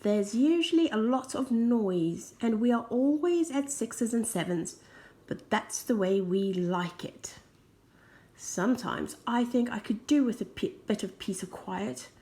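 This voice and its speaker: A woman reading a children's picture book aloud, expressive, with soft whispered asides. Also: fairly high pitch, measured pace. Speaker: storybook reader.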